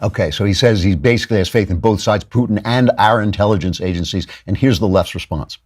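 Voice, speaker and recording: A male host giving sardonic political commentary in a fast, animated way, with quick restarts. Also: lowish voice.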